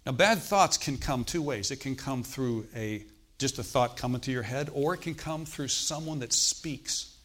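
Male preacher, mid-pitched voice, sermon testimony, conversational delivery. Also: normal speed, a bit bright. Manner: conversational preaching, frequent "Okay?" check-ins.

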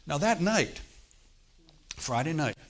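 In a slow sermon, a man with a fairly high voice and big pitch swings shares his personal testimony conversationally. He checks in with the congregation frequently, asking "Okay?"

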